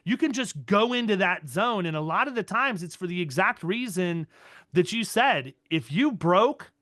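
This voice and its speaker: A man hosting a podcast, telling a story in a casual, animated way with quick bursts of speech. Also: high-pitched, no echo, clean studio sound. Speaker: podcast host.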